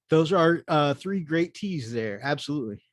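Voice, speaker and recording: A man's voice: a little high, no echo, clean studio sound. A man hosting a casual livestream chat, rambling and hesitant as he talks. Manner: rambling, many fillers and restarts. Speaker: host.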